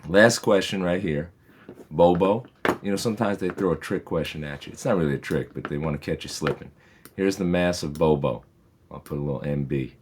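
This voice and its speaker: A man's voice: sits low, brisk, noisy background. A man, a physics teacher, patiently and methodically walks through homework problems in a recorded lesson, with reassuring asides.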